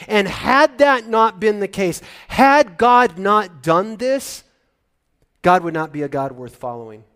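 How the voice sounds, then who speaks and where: Delivering a sermon, a middle-aged pastor speaks slowly and smoothly with a voice that sits high. He moves animatedly between loud excitement and quiet, choked-up passages.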